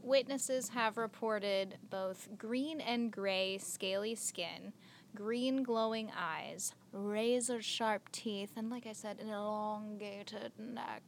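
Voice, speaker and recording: A woman's voice: a little high, takes it slowly, a little hiss or hum. A young woman co-hosting a podcast, chatty and giggly, telling a story with lots of filler words. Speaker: podcast co-host. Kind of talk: casual podcast chat.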